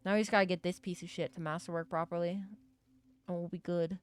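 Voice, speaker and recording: A woman's voice: lowish voice, level tone, quick pace, smooth, soft background music. A young woman streaming a game, chatting casually and jokingly to herself and her chat, swearing freely. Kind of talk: live gaming stream chatter.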